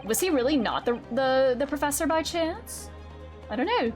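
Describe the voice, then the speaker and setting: Excitable young woman streamer. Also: high-pitched, moderate pace, faint music behind. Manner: excitable, swearing, frequent laughter. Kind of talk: casual game-stream commentary.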